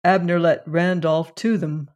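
Audiobook narrator, slow and measured, mid-pitched. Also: steady tone, darkish tone.

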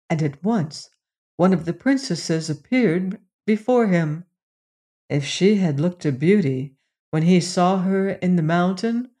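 A storyteller reading a fairy tale aloud in a measured, gently expressive way. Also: mid-range voice. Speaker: narrator.

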